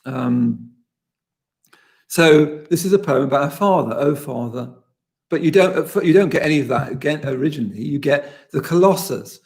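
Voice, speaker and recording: A man with a British accent, a poet leading a session, reading a poem slowly and then discussing it in quick, animated bursts. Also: a little high, creaky. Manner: reads slowly and deliberately, then talks fast and animated. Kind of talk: poetry reading and talk.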